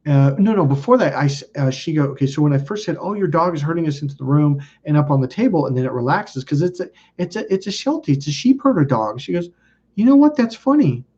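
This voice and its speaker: A man tells a long, meandering story in a relaxed, chatty way, his voice slightly husky and a touch higher than most men's. When he quotes people he springs into excited, high-pitched exclamations. The audio is dull and lo-fi. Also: quick pace, hardly any pauses. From California. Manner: animated, acts out quotes with sudden high exclamations. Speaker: channel host. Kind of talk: casual storytelling monologue.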